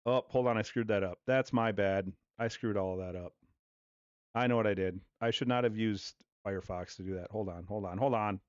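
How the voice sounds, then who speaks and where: A man's voice: lowish voice, normal speed, smooth, dry recording. A man livestreaming from home, chatting loosely and crudely while giving offhand play-by-play of a game on TV. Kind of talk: casual livestream chat. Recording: dull lo-fi dry sound.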